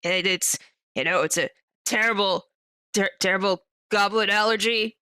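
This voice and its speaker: A man's voice: sits high, fairly even intonation, moderate pace, bright, forceful tone, smooth, no echo. A man playing a tabletop game, talking in an easygoing, casual way. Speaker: player.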